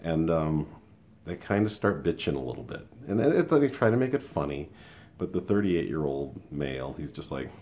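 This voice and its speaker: A man's voice: rumbling low, expressive, moderate pace, darkish tone. A man in his fifties giving a rambling, conversational opinion monologue with many asides. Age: 50s. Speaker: school paraprofessional and show host.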